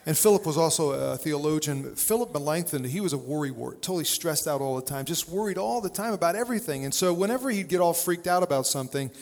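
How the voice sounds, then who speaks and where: A man's voice: a little high, lively intonation, fast talker, hardly any pauses, darkish tone, long reverb tail. A male pastor preaching a sermon in a conversational, storytelling way, with plenty of fillers and restarts.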